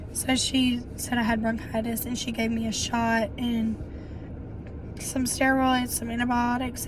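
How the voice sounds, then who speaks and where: Young woman, hoarse and short of breath, chatty vlog storyteller with a slightly high voice. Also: noisy background. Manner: chatty, storytelling, quick asides. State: hoarse and winded from bronchitis. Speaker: vlogger. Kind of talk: casual chat to camera.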